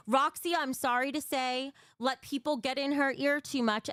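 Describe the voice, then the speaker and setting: Brief: young woman streamer, fairly high smooth voice, blunt and emotional, reads and answers chat live, swears a lot. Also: a bit bright, no echo, clean studio sound. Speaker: livestream host. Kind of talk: casual livestream chat.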